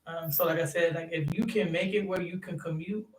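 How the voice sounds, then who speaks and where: A young man, a youth basketball coach and third-grade teacher, telling stories in an animated, chatty way, laughing often and using lots of fillers. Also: on the high side, fairly quick, far from the mic. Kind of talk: casual interview chat. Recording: roomy sound from off-mic.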